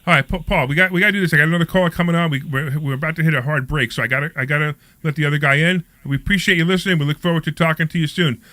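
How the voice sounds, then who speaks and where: A man's voice: a little high, fairly even intonation, very fast, hardly any pauses, pushed and bright, no room sound. A male radio host taking calls, blunt and sarcastic, often cutting in. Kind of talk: call-in talk radio.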